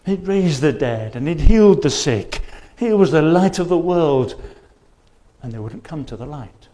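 A man's voice: fairly high pitch, expressive, measured pace, mellow. A man preaching a sermon in church, earnestly pressing his listeners with repeated questions and quoting scripture. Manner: earnest, urgent appeals, repeated rhetorical questions; quotes scripture in old-fashioned wording.

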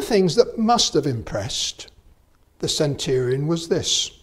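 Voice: mid-range voice, very animated, takes it slowly, breathy edge. A preacher delivering a sermon with emphatic delivery that rises to fervent peaks, reading scripture aloud in King James wording.

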